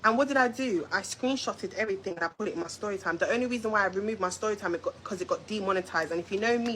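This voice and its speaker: A woman's voice: mid-range voice, slight background noise, poor audio. Fiery young woman ranting on a live stream. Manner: animated, confrontational, addresses viewers directly. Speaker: YouTube storyteller. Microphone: phone or webcam on a live stream.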